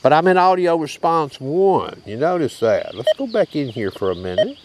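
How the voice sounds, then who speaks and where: Outdoors with a lot of background noise, a Tennessee man who hosts a metal detecting channel shows off equipment in a relaxed demo. His voice is on the high side with big pitch swings at a moderate pace, folksy and drawling, and he keeps asking "okay?" and "you hear that?"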